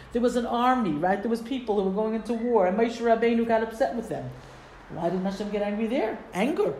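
Female teacher, animated text-study lesson, roomy classroom sound with light noise. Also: mid-range voice. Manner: animated, quotes Hebrew texts and voices sages. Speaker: Torah teacher. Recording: echoey room, faint background noise.

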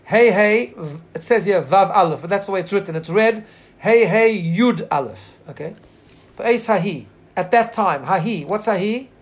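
High-voiced man teaching a Torah class. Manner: earnest storytelling, slow drawn-out quotes; pauses to share screen and look up text.

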